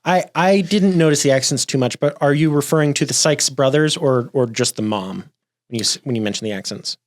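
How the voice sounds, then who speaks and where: A man's voice: mid-range voice, brisk. A man hosting a casual podcast panel, posing questions and steering the conversation. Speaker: podcast host.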